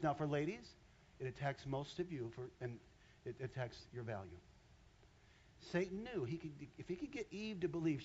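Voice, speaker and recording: A man's voice: on the high side, normal speed, dull audio, slight background noise. A man preaching a sermon in a church, talking straight to his congregation and drawing them in. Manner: animated, talks straight to the congregation.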